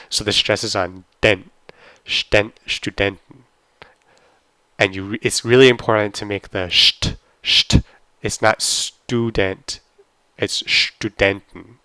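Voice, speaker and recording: A man's voice: lowish voice, bright, forceful tone, dry recording. A man giving a casual language lesson, carefully sounding out words one at a time. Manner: slow, careful pronunciation of words. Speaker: German language teacher. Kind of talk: casual screen-recorded lesson.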